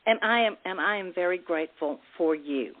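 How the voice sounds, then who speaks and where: A woman's voice: lowish voice, fairly quick. A woman author chatting as a podcast guest, motherly and stumbling over repeated words as she talks. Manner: stammering restarts, motherly. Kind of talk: casual chat. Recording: phone-like narrow band.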